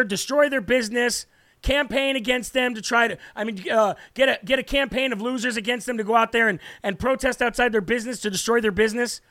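A man's voice: extremely high pitch, sharp tone, dry recording, clean studio sound. A man hosting a live political talk show, delivering brash, emphatic commentary with punchy lists and repeated phrases.

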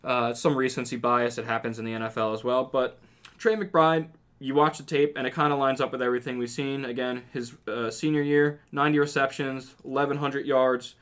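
Hosting a relaxed sports podcast, a man rambles through his thoughts in long stretches, restarting as he goes. He isn't from the South, and he speaks a little fast with a steady, medium-pitched, slightly bright voice.

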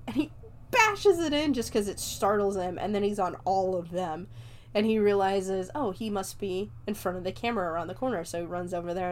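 A woman's voice: medium pitch, a little hiss or hum. A woman recapping a movie in a casual chat, loose and talkative, leaning on "like" fillers and laughing often. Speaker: movie reviewer.

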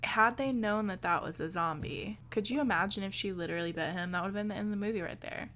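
A woman's voice: mid-range voice, fast talker, a bit bright, slight background noise. A woman co-hosting a podcast, chatting casually about a film, swearing freely and acting out quotes. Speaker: podcast co-host.

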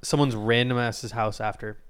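A man's voice: mid-range voice, fairly even intonation, normal speed, clear, resonant tone. A young man in casual chat, rambling through stories with lots of fillers. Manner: rambling, filler-heavy storytelling.

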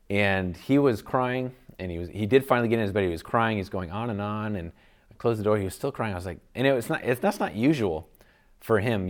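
A man in his thirties giving an earnest, conversational Christian teaching as a father, with frequent restarts and soft laughs. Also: sits low. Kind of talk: sermon-style teaching.

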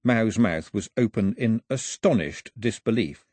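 Husky man narrating a storybook. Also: on the low side, big pitch swings, normal speed, no room sound, clean studio sound. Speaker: audiobook narrator. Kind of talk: scripted narration.

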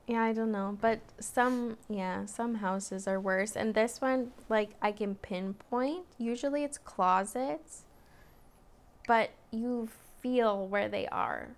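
A woman's voice: on the high side, slow pace. A young woman, the host's sister, chatting casually with laid-back, dry humor. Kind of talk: casual chat.

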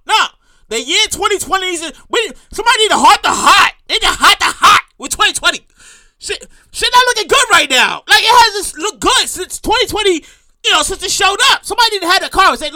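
Woman host, casual rant, animated, profane, sharp bright tone. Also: high-pitched. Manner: animated, profane, acts out quotes. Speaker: show host.

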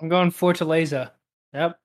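A young man co-hosting a podcast, chatting in a relaxed way with many hesitations. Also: a little high, normal speed. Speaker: podcast co-host. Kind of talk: casual chat.

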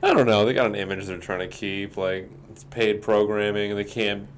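A man's voice: on the low side, steady tone, normal speed, slight background noise. A young man co-hosting a podcast, chiming in with laid-back, joking remarks in casual sports chat. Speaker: podcast co-host.

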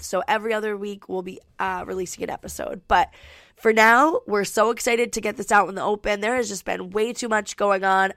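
A young woman in her twenties hosting a podcast from her home studio, rambling in a friendly, filler-heavy way. Her voice has a noticeable vocal fry and a slightly stuffy nose. The sound is dry and close, with no room echo. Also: mid-range voice, a bit bright. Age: 20s. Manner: chatty, lots of "like" fillers. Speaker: podcast host. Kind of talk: casual podcast chat.

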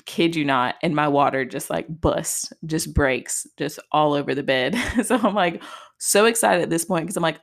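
A woman's voice: deep voice, normal speed, creaky. A young woman telling a personal story on a podcast in a casual, chatty way, full of "like" and "just". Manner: chatty, heavy use of "like" and "just". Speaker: podcast host.

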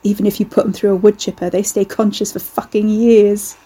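A woman's voice: mid-range voice, flat delivery, a little fast, mellow, husky, natural voice. A woman voicing a brash, leering British man with a put-on Cockney accent who taunts and mocks. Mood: taunting.

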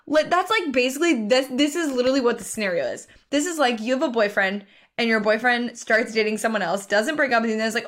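A woman co-hosting a sports podcast in casual chat, talking fast and loose with lots of "like". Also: on the high side. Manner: chatty, heavy use of "like", animated. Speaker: podcast co-host.

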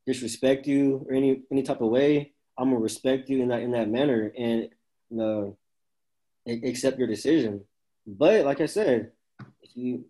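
A man's voice: medium pitch, mellow. A man talking casually in a group discussion, rambling with restarts and slang.

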